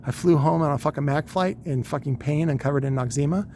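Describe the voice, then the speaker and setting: A man's voice: fairly high pitch, quick pace, warm tone, a little hiss or hum. A man in his forties casually telling a long, rambling, profane story with wry humor. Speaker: podcast host.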